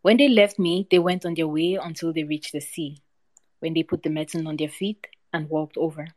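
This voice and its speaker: Low-voiced woman reading a folktale. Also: flat delivery, fairly quick, darkish tone, no room sound. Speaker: storyteller.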